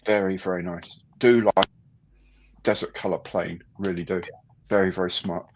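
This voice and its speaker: A man's voice: low voice, steady tone, moderate pace, highs cut off, a little hiss or hum. A man hosting a casual live stream, chatting and greeting viewers by name.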